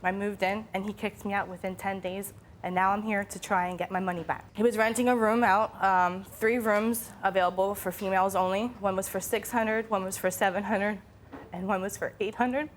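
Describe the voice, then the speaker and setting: A woman's voice: medium pitch, fairly even intonation, a little fast, a little hiss or hum. A young woman from Philadelphia, the plaintiff on a courtroom show, telling her story in an upset and indignant way.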